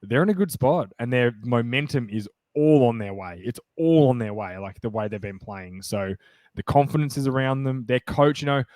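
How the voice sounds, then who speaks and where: Excitable rambling male podcast host, dry sound. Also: medium pitch, normal speed, dry recording. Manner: rambling, excitable, many fillers and restarts. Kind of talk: casual sports chat.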